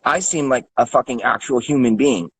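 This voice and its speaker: Husky-voiced man, thirties, furious stammering rant. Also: mid-range voice, normal speed, rough recording. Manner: angry, profane, stammering repeats. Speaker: guest. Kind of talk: angry rant.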